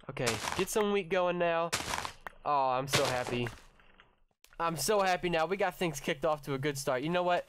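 A young man hosting a let's-play, chatting excitedly with his viewers and his pet, cursing when startled. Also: a little high, normal speed, slight background noise. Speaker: gaming channel host. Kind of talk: casual let's-play commentary.

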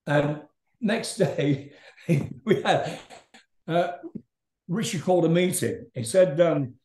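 A man's voice: on the high side, slow, a little mellow. An older man, a rock singer, telling a rambling story in a casual interview, laughing and swearing as he goes. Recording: roomy echo.

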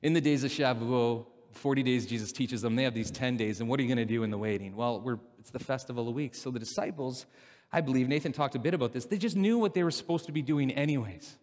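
A man preaching a casual, story-driven sermon in a church, animated and laughing at his own anecdotes. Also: medium pitch, quick pace. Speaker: pastor. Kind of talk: conversational sermon with stories. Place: church sanctuary. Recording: long hall reverb from a church.

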